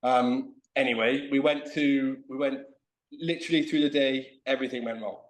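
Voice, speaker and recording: Male guest, animated storyteller, middle pitch, echoey room sound. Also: normal speed. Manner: animated, self-mocking storyteller. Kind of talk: casual storytelling chat. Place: remote video call.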